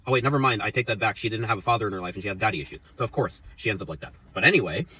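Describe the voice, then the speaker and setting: A man's voice: fairly low pitch, rapid-fire, pushed and bright, slightly rough, distant mic, poor audio. A man in his twenties telling an angry, profane story about his workplace, rambling and heated. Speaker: vlogger.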